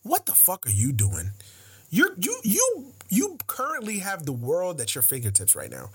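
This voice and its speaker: A man's voice: medium pitch, wildly swooping pitch, normal speed, husky. A man co-hosting a casual sports talk show, delivering an incredulous, profane rant. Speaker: podcast co-host.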